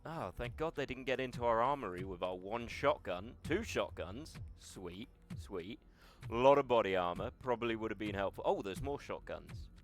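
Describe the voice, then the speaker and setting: A man's voice: lowish voice, expressive, normal speed, hardly any pauses. A man streaming a video game with casual, wry, self-deprecating commentary and the odd swear word. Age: older.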